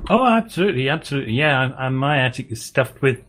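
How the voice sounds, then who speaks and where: A man's voice: mid-range voice, lively intonation, fast talker, background noise. A man co-hosting a podcast, chatting casually, readily agreeing and chuckling, with hesitant restarts. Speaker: podcast co-host. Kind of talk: casual chat.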